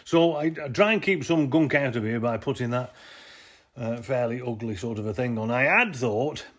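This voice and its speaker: A man's voice: mid-range voice, normal speed, a bit bright. Rambling chatty man. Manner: rambling, chatty, self-correcting explanations. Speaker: vehicle owner showing his work. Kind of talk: casual hands-on how-to vlog. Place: outdoors beside a jacked-up off-roader. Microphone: handheld camera he films with himself.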